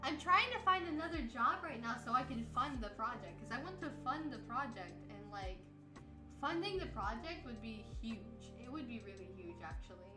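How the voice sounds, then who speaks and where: A tired woman streamer rambles casually while reading chat, laughing often and breaking into playful outbursts. Her voice sits a little high and sounds animated, at a normal speed. The recording is roomy, with music playing behind her.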